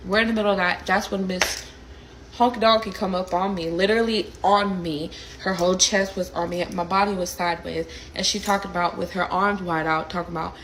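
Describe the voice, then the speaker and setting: A young woman, telling a story in a casual, animated, slangy way. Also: mid-range voice, moderate pace, slight background noise, low-quality recording.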